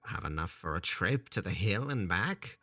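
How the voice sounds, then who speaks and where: A man's voice: low-pitched, expressive, normal speed, pushed and bright, no room sound, heavily acted. A man voicing a proud, hot-tempered young nobleman, but sounding older and wizard-like with a put-on accent. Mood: genial.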